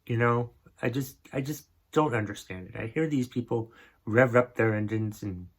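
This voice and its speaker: A man's voice: medium pitch, normal speed, slightly rough. Grumpy man ranting on a podcast. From northern New England. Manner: grumpy, exasperated, profane. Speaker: podcast host. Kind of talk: comedic rant.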